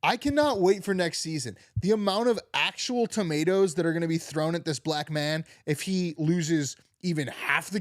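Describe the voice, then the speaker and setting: Young male comedy podcast host, sarcastic and rambling, slightly high voice, dry close sound. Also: no room sound. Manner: rambling, sarcastic, filler-heavy. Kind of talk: unfiltered political comedy monologue.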